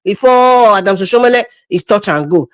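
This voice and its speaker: A woman's voice: mid-range voice, animated, fairly quick, no room sound. A woman with a Nigerian accent giving outspoken political commentary on a live stream, blunt and laughing often. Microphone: video call.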